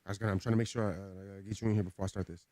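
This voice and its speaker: A man's voice: lowish voice, little pitch movement, very fast, a little mellow, dry recording. A man streaming a game who talks casually to his chat in an earnest, preachy way, often repeating himself. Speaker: gaming streamer. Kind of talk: casual livestream talk to chat.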